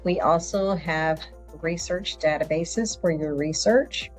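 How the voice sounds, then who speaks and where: A woman's voice: low voice, takes it slowly, faint music behind. A woman with a Texas accent, a college library director, giving a brief, friendly orientation talk on a video call with a few hesitations.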